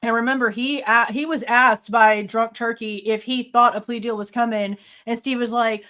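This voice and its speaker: Woman host, higher voice, blunt and scornful commentary. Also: a little fast, hardly any pauses, fairly bright tone. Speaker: true crime reaction host. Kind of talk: heated commentary over clips.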